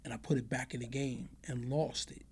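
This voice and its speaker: A husky, darkish voice of medium pitch belongs to a middle-aged interview guest who talks fairly quickly in a steady tone. He shares casual stories from his past, playing out other people's voices and often adding "you know what I mean".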